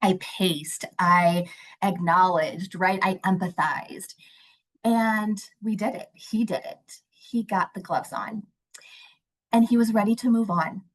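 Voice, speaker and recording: A woman who directs mental health services gives a conversational webinar, sharing stories from her work with children. Her medium-pitched voice is fairly even and unhurried, and the audio is poor. She's warm and acts out a child's voice in her anecdotes.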